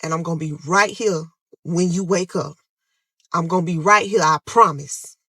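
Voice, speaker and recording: Girl quoting a calm no-nonsense nurse, firm then soothing, dry close sound. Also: fairly low pitch, moderate pace, husky, no room sound, full character voice. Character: calm, firm older female hospital nurse.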